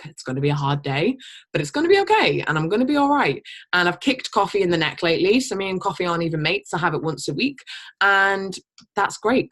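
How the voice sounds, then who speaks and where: A young woman leading a team call, talking bluntly, swearing casually and rambling as she pushes her team. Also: sits low. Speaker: team leader. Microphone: call microphone.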